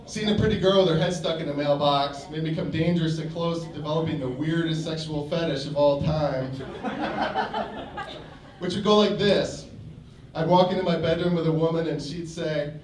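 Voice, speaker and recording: A male standup comedian in a comedy club, telling jokes with a dry, deliberate delivery. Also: on the high side, steady tone, distant mic, crowd noise. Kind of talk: standup routine. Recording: echoey club from afar.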